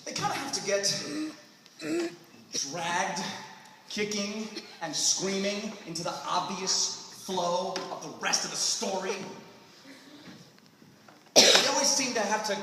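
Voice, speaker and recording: Man in his fifties, comedic panel host, high voice, very animated, far from the mic, echoey noisy hall. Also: moderate pace, pauses often. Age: 50s. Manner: animated, acts out squeaky comic voices. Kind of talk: comedic writing panel talk. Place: convention panel room.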